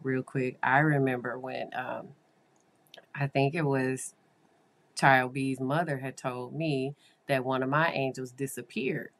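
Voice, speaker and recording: A woman therapist telling a story to her listeners in a casual monologue, animated and confiding, with asides to them. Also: rumbling low, vocal fry.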